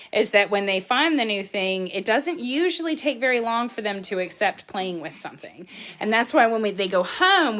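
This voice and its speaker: A woman's voice: mid-range voice, a bit bright. A woman, chatting casually as she hosts a puppy video and explains things to her viewers. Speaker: dog breeder hosting a puppy video. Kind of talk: casual chat.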